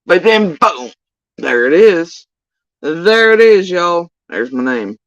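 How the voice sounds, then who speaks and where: A woman's voice: fairly low pitch, sing-song, takes it slowly, no room sound, muffled recording. Profane, ranting woman with a swinging voice. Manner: profane, sarcastic, exasperated ranting. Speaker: YouTube drama commentator. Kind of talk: casual ranting livestream commentary.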